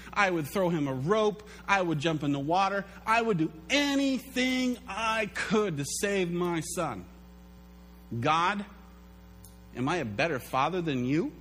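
A man preaching a sermon as pastor, telling stories in an animated way and acting out the quotes. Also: fairly high pitch, a little hiss or hum. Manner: animated storytelling, acts out quotes.

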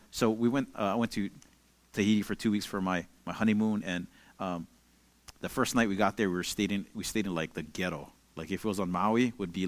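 A man's voice: lowish voice, dry recording. A young man, a pastor giving a casual, conversational sermon and telling stories with plenty of "like" and "you know". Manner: relaxed storytelling with many fillers.

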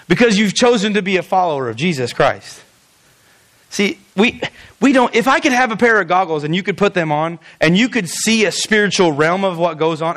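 A male pastor preaching a lively, conversational sermon, with frequent stammered restarts. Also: high voice.

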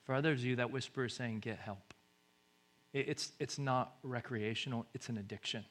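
Bright-voiced preaching man, loud then hushed. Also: mid-range voice, steady tone, brisk. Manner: swings from loud exhortation to hushed near-whisper; repeats short urgent phrases. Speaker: pastor. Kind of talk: sermon.

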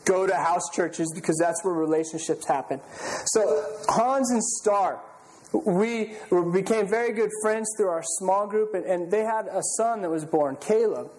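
A man's voice: sits high, a little slow, darkish tone, poor audio. A middle-aged male pastor preaching a sermon, telling stories in an earnest, conversational way with frequent restarts.

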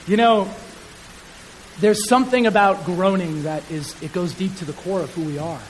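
A male pastor preaching a sermon in a church, lively and conversational with self-deprecating humor. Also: high voice, normal speed. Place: church sanctuary. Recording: hall reverb with faint hiss.

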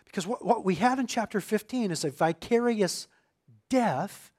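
A man preaches with a fairly high voice, reading scripture aloud and then driving home each point. He swells louder and more forceful on the lines he wants to land. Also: lively intonation, moderate pace. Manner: emphatic, swelling louder on key phrases. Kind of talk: expository sermon.

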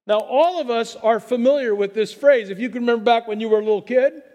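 A middle-aged man preaching a conversational sermon with chatty asides, dropping to a hushed voice on calm phrases. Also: extremely high pitch, fast. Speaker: pastor.

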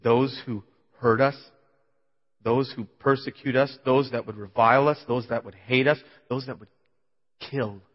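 A man preaching, telling his own story with emotion, his voice swelling loud and falling to a hush. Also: steady tone, normal speed. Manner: emotional testimony, voice swelling then dropping low. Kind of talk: sermon. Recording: dull sound in a big reverberant hall.

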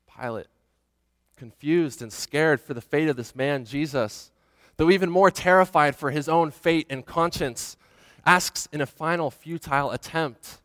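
Guy dramatically retelling a bible story, goes quiet then loud, slightly high voice, long reverb. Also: normal speed. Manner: expressive, swings from hushed to loud.

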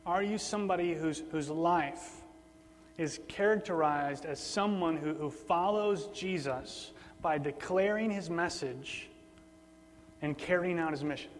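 A man preaching a sermon in a relaxed, conversational way, often repeating words for emphasis. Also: on the high side, unhurried. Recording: long hall reverb, faint mains hum.

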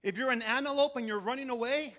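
A male pastor preaching a sermon to a live congregation, emphatic and animated, often repeating words as he builds a point. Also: extremely high pitch, fast. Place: church hall with audience. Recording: long reverb of a large hall.

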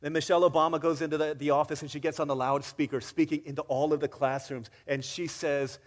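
A man preaching a sermon, telling a story in a lively way and acting out the quoted voices. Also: on the high side, quick pace, hardly any pauses, in a large hall. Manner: animated storyteller, acts out quotes with rising excitement. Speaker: pastor. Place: church sanctuary.

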